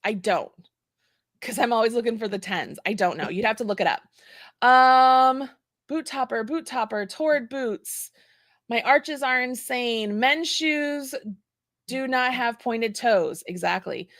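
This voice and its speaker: A woman's voice: fairly high pitch, measured pace, a bit bright, no echo, clean studio sound. A woman co-hosting a casual livestream chat about knitting, chatty and reading viewer comments aloud. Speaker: co-host.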